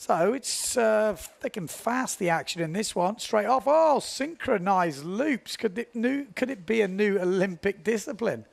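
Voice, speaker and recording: A man's voice: high-pitched, animated, a little slow, vocal fry, hardly any pauses. A man commentating live windsurfing, chatty and self-mocking, laughing often as he talks.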